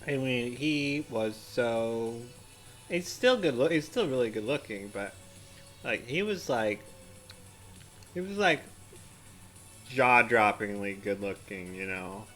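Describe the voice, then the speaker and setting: A man's voice: medium pitch, lively intonation, slow pace, pauses often, fairly bright tone, faint music behind. A man eating chili as he scrolls his feed, rambling, giggling and trailing off mid-sentence. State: eyes watering from spicy food. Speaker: vlogger. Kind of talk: casual commentary while eating.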